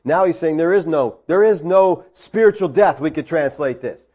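A man's voice: a little high, moderate pace, mellow, highs cut off. A man delivering a teaching sermon, explaining words from the Greek and driving points home with rhetorical questions. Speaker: preacher.

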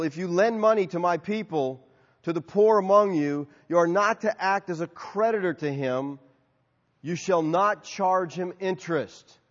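A pastor delivering a conversational sermon to his congregation, telling stories and sometimes acting out shouted lines. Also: sits high. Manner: conversational, storytelling with acted-out shouts. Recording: dull, lo-fi audio with long hall reverb.

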